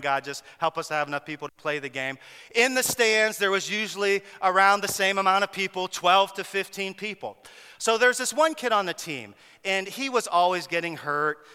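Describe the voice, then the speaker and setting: A male pastor preaching a sermon, telling stories in an animated way and repeating words for emphasis. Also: high voice, smooth, big-room sound.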